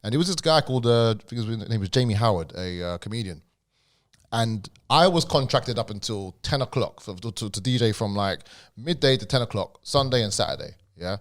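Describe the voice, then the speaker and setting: A young man with a stammer, talking as a guest on a podcast in a casual, halting way with slang. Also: fairly low pitch, animated.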